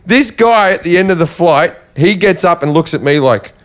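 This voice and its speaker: A man's voice: sits high, expressive, normal speed. A man as a podcast guest telling a brash, profane story in casual chat.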